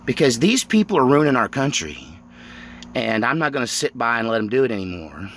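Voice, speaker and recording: A middle-aged man vlogging, telling stories in an animated, emphatic way and laughing often. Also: medium pitch, a little fast, slight background noise. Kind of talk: casual storytelling monologue.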